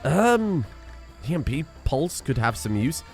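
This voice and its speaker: A man giving excitable, sweary let's play commentary, laughing often. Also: fairly high pitch, takes it slowly, faint music behind. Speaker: gaming streamer.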